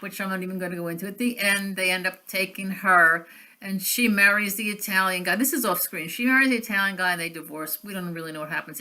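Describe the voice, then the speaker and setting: Bright-voiced woman giving a wry film review. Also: mid-range voice. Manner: wry, rambling, sarcastic asides with restarts. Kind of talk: casual monologue reviewing films.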